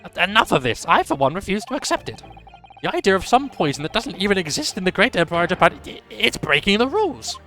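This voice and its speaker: A man voicing a pompous male prosecutor in a shrill, loud, blustering voice. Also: sing-song, fast talker, faint music behind, full character voice.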